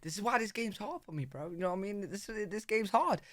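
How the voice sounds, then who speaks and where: Excitable British man saying "bro" a lot. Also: sits high, fairly quick, no echo, clean studio sound. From United Kingdom. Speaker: reaction video host. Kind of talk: casual reaction commentary.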